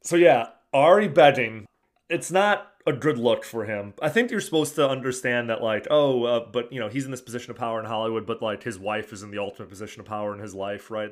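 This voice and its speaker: Chatty, opinionated male podcast host. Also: on the low side. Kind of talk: casual podcast chat.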